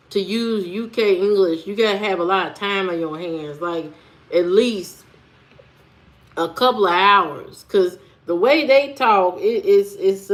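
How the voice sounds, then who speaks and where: A woman's voice: medium pitch, a bit bright. A woman hosting a live stream in casual chat, answering her viewers with blunt rhetorical questions. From United States. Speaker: livestream host.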